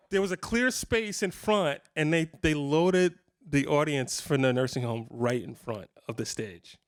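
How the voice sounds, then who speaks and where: Fifties male guitarist with a slightly high voice, easygoing and jokey, telling stories live to a clinic crowd. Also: measured pace. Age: 50s. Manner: animated, jokey anecdotes with frequent laughs. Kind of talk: casual storytelling to a live audience.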